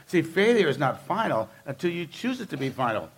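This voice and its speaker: A male pastor delivering a sermon with a gravelly, slightly raised voice. He keeps it conversational but emphatic, and he hammers points home by repeating phrases. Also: on the high side, expressive, fairly quick, few pauses.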